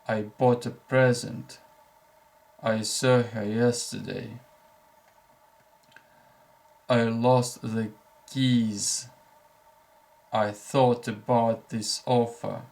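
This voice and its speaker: A male English teacher, a native Russian speaker, slowly and deliberately reads short example sentences for learners, leaving clear breaks between them. His voice is on the low side and darkish, with little pitch movement.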